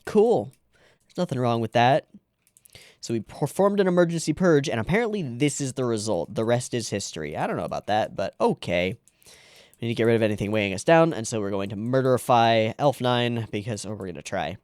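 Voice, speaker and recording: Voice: medium pitch, expressive, brisk, darkish tone, no echo, clean studio sound. An anime reaction host giving casual, rambling, sarcastic commentary on episodes.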